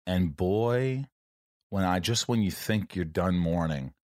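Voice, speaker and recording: A man's voice: low voice, takes it slowly, darkish tone, no room sound, studio quality. A young man hosting a casual, heartfelt conversation, speaking candidly with the odd swear word and acting out what others said. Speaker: podcast host.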